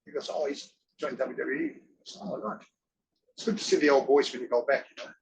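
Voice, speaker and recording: Man, rambling interview guest, animated storyteller, average pitch. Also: fast, vocal fry, background noise. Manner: rambling, animated, acts out quoted voices. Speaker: interview guest, former wrestler and actor.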